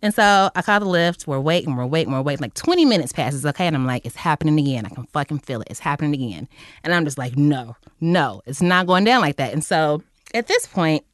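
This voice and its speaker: A young woman telling a story in casual chat, animated and profane, acting out her own lines in a high voice. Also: brisk, hardly any pauses, dry recording, studio quality.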